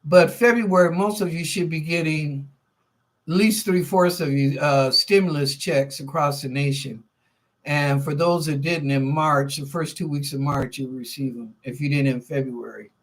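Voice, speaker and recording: A woman's voice: low-pitched, steady tone, moderate pace. A woman hosting a live stream of psychic readings, answering chat questions in a chatty, informal way, thinking aloud and repeating phrases. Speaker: psychic reader and show host.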